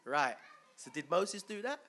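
A preacher with a bright, ringing tone and a voice that sits a little high. He talks to his congregation in a loose, conversational way, quizzing them and chuckling as he goes. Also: big pitch swings, measured pace, slight background noise. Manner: chatty, asks the crowd questions, chuckles often. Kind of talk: conversational sermon with questions to the congregation.

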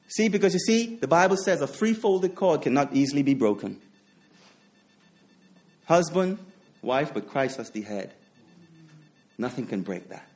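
Emphatic preacher man, higher voice. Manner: emphatic repetition with rhetorical questions; testifying with personal stories, chuckling asides. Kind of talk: sermon.

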